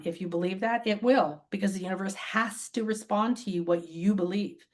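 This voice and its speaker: In a mid-range voice at normal speed, a woman who teaches spirituality tells stories in a relaxed interview. She laughs often and lively imitates the people in her tales. Her home is by a beach.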